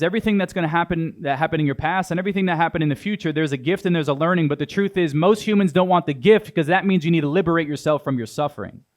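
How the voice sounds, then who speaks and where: A young adult man giving a keynote speech on stage, punchy and dramatic, talking straight to the audience. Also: fairly high pitch. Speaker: motivational speaker. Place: large event hall on stage.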